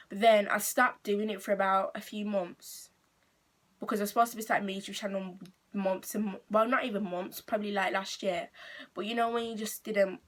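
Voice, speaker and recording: A woman's voice: mid-range voice, a bit bright. A teenage girl with an English accent telling a casual storytime on her channel, rambling and full of fillers. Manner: chatty, rambling, full of "like" and restarts. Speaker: vlogger.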